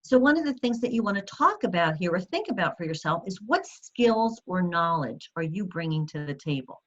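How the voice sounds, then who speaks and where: A woman's voice: fairly low pitch, animated, moderate pace, lo-fi sound. Woman giving a coaching-style talk. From United States. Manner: storytelling, direct and coaching. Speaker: speaker. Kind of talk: motivational talk.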